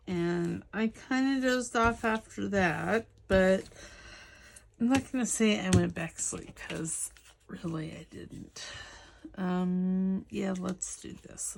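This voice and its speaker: A woman's voice: medium pitch, creaky, a little hiss or hum. A woman with a Southern US accent chatting casually as she works on a craft project, talking to her viewers and now and then to her dog. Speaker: crafting channel host. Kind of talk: casual crafting vlog chat.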